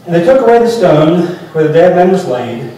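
A male pastor preaches in a plain, conversational manner, explaining the passage as he goes. His voice sits slightly high for a man. The church echoes strongly, and he is heard from away from the mic. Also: sing-song, moderate pace, dark tone, recorded from a distance, slight background noise. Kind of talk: sermon. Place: church sanctuary.

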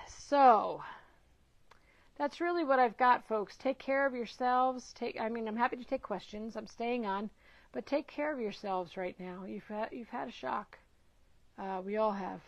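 A woman's voice: mid-range voice, a little mellow, dry recording. A middle-aged woman hosting a casual live-stream Q&A as a nutrition educator, encouraging her viewers and greeting them by name, with some hesitant fillers. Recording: dull lo-fi dry sound.

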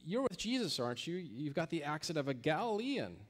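A man's voice: on the high side, very animated, fairly quick, big-room sound, voice pushed up. A man voicing an accusing bystander at a trial, asking pointed, prodding questions in a raised voice.

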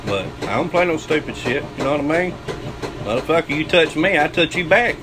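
A man's voice: a little high, animated, fairly quick, rough recording. A man with a Southern US accent telling a crude, boastful story, swearing constantly and breaking into laughter. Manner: profane, boastful, laughs often. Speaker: channel host telling a story.

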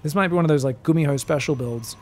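This is an Australian man with a notably high voice, commentating a strategy game for a live audience. He rambles through teasing, self-mocking banter with his chat and jumps to sudden excited yells during big moments. Faint music hums behind him. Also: quick pace. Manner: joking, self-mocking, bursts into excited shouts. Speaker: esports caster.

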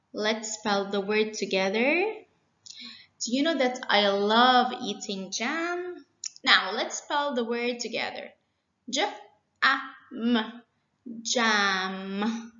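A woman teacher giving a children's phonics lesson, slowly and patiently spelling words out letter by letter. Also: on the high side, fairly bright tone. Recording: dull, lo-fi and echoey.

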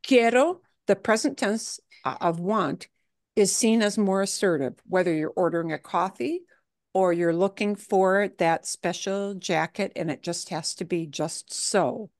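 A woman teaching a beginner Spanish class, explaining grammar in a chatty, lively way. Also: mid-range voice, unhurried, dry recording, studio quality. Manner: chatty, animated, acts out examples in funny voices. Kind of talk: online language class, explaining.

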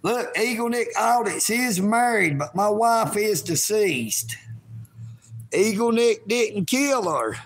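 A man in his fifties hosting a rambling live stream, talking slowly while smoking and breaking into shouts. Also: high voice, expressive, a little hiss or hum. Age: 50s. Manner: slow, drawn-out, breaks into shouting. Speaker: livestream host.

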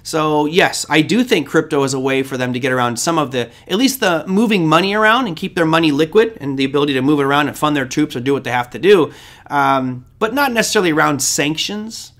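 A man's voice: on the high side, quick pace, a bit bright. A man hosting a trading show, giving casual market commentary in a rambling, conversational way with side stories.

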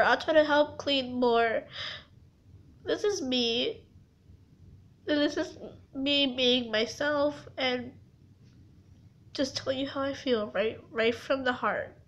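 Young woman, crying, high voice, slow halting speech, rambling, stutters, confessional vlog, muffled lo-fi audio. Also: a bit bright. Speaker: vlogger.

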